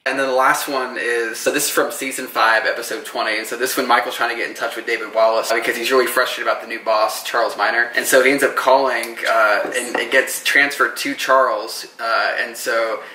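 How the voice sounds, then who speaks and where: A man's voice: mid-range voice, steady tone, fairly quick, hardly any pauses, sharp tone. Rambling man in an echoey room. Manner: rambling retelling with fillers. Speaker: vlog co-host. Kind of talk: casual chat. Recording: echoey room, mic at a distance.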